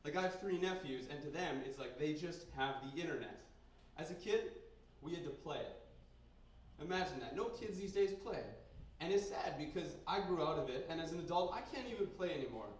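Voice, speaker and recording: A young man from Canada works a basement bar crowd with crude, rambling stand-up that keeps bursting into loud rants. His voice sits a little high for a man. The room is very echoey, and he sounds far from the recorder, with faint bar noise behind him. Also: lively intonation, brisk. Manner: brash, crude, rambling storytelling with sudden loud outbursts. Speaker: stand-up comedian. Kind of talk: stand-up comedy set. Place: basement bar comedy night. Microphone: handheld stage mic recorded by a camera in the room.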